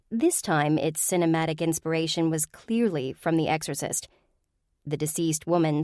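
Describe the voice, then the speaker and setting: A woman narrates a first-person audiobook with a wry, sardonic edge. Her voice sits low. The recording is close and dry. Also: darkish tone, no room sound.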